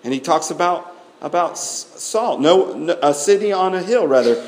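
A man's voice: on the high side, lively intonation, moderate pace. A man preaching a sermon to his congregation, emphatic and full of rhetorical questions, often repeating words as he builds a point. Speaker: pastor.

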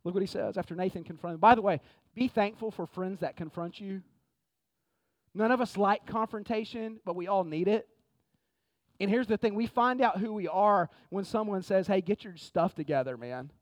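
A man preaching a sermon in a conversational, energetic way, often saying "man". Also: high voice, normal speed, no room sound. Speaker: pastor. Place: church sanctuary.

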